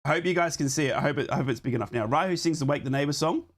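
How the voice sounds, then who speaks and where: Brief: young male watchalong host, slightly high voice, hoarse and under the weather, casual chat to the viewers. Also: rapid-fire. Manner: chatty, talks to his live chat while fixing things on the fly. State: hoarse, sick with a chest infection. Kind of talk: live football watchalong chat and commentary.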